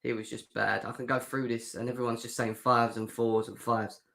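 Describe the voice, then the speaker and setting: A man's voice: mid-range voice, little pitch movement, moderate pace, vocal fry, pushed and bright. A young man hosting a fan livestream, chatting sarcastically and reacting to comments from the chat. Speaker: fan show host.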